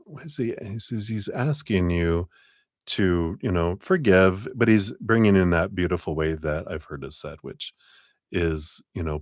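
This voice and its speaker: Deep-voiced man giving a tarot reading. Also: no room sound, studio quality. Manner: rambling, self-interrupting, chuckling. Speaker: tarot reader.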